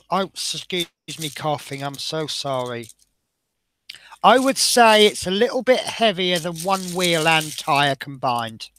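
A man's voice: fairly high pitch, sing-song, slow pace, sharp tone. A man chatting casually as he builds a scale model, rambling and often breaking off mid-sentence. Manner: chatty, rambling, self-interrupting.

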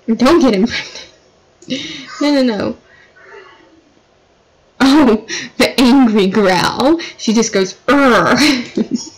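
A woman's voice: a little high, a little mellow, low-quality recording. A woman giving casual, chatty commentary while playing a life-sim game, dramatizing her characters' fights. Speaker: gameplay commentator.

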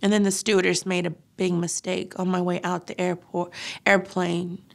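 Gravelly-voiced grieving middle-aged woman. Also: lowish voice, flat delivery. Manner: halting, grief-stricken, frequent fillers. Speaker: grieving mother interviewee. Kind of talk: emotional personal testimony.

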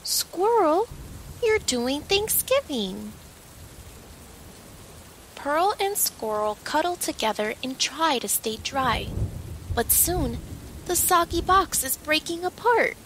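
A woman reading a children's story aloud, slow and unhurried, her voice rising and falling expressively. Her tone is fairly high and gentle. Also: animated, a little hiss or hum, rough recording. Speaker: storybook reader.

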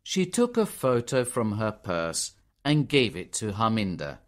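Slow, expressive male story narrator. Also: on the low side. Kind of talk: graded reader audiobook narration.

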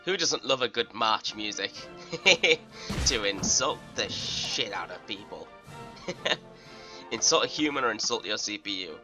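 A young man giving casual, excitable let's play commentary, swearing and giggling often. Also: fairly low pitch, measured pace. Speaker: gaming YouTuber. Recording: game music under voice.

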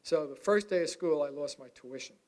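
A man in his sixties giving a talk to an audience, telling a lively personal story and acting out the dialogue. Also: on the high side, brisk, a little hiss or hum. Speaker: guest speaker.

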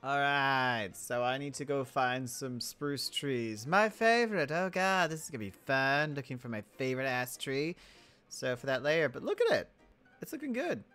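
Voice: mid-range voice, lively intonation, moderate pace, fairly bright tone, clear, resonant tone, faint music behind. Rambling, jokey gaming commentator. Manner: rambling, joking, self-interrupting. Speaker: Minecraft let's play creator.

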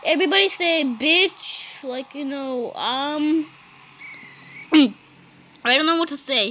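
A woman doing casual gameplay commentary, giggly and excitable, saying "beep" to bleep herself out. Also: high voice, slow pace. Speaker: gaming YouTuber.

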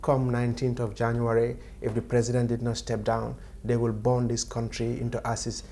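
Male interviewer, mid-pitched, calm and measured. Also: creaky, a little hiss or hum. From Gambia. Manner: calm, measured, tries to hold the floor. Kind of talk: interview questions.

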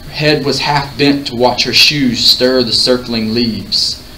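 A man reading a novel aloud in a measured, expressive way. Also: mid-range voice. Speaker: audiobook reader. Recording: roomy, distant mic, faint hiss.

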